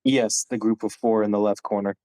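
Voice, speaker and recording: A man's voice: on the low side, fairly even intonation, a little fast, dark tone, dry recording, low-quality recording. A man playing a tabletop game, talking casually and jokingly. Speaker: player.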